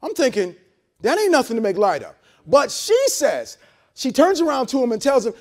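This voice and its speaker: Male pastor with a very high voice, preaching in a loose, chatty sermon style with blunt jokes and call-and-response. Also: sing-song, normal speed, a little mellow. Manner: conversational preaching with frequent repeats and call-and-response; blunt, joking asides to the congregation. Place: church service held in a hotel venue.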